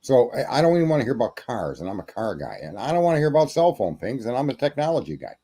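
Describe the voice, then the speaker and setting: A man's voice: mid-range voice, sing-song, fast talker, dark tone, slightly rough. A man speaking as a guest on a true crime live stream, arguing his points emphatically, as if lecturing. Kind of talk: casual live-stream discussion.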